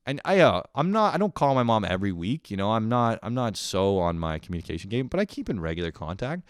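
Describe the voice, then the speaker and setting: A man's voice: on the low side, big pitch swings, fast talker, few pauses, dry recording, clean studio sound. A young man doing a rambling, profane comedy monologue with self-mocking asides. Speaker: comedian, podcast host.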